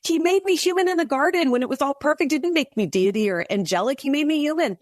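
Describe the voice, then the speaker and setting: A woman guest on a podcast, telling an earnest, animated faith story with many restarts. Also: sits high, fast talker, no echo, studio quality. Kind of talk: faith testimony in casual interview.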